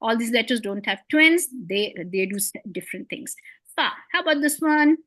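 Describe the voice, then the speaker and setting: A woman's voice: a little high, animated, moderate pace, a bit bright, dry recording. A woman teaching beginners to read, patient and encouraging, with playful memory tricks and frequent praise. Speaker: Quran reading teacher. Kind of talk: one-on-one beginner lesson.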